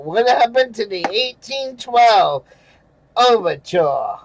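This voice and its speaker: A man's voice: high voice, animated, slow, low-quality recording. A man hosting his channel, reading viewer comments aloud and ranting about them in angry, profane, sarcastic casual commentary, with chuckles in between.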